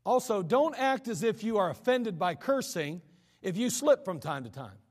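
High-voiced man preaching in a hall. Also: very animated, moderate pace, darkish tone. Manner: conversational preaching, acts out quoted voices. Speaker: pastor. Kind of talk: sermon.

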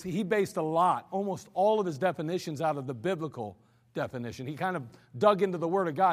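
A man preaching a sermon to his congregation, telling stories in a loose, conversational way with animated acted quotes, recorded in a church sanctuary. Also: sits high. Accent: American. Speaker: pastor. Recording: church hall reverb.

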